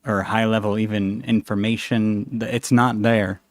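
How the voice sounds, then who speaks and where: A man in a casual talk who speaks in short, halting bursts and restarts his sentences. His voice is on the low side and sounds dry and close. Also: flat delivery, dry recording. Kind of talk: casual conversation.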